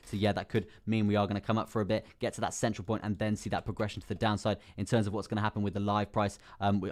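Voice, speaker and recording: A man's voice: lowish voice, darkish tone. A young man hosting a casual crypto live stream, chatting with viewers, reading their names aloud and laughing often. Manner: chatty, reads chat names aloud, many fillers and laughs.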